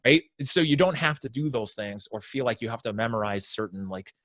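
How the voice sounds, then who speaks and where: A man, a sales consultant, explaining his approach as a podcast guest and acting out his clients' worries in quick asides. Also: medium pitch, no echo. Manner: animated explainer, acts out prospects' inner voices. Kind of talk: conversational interview.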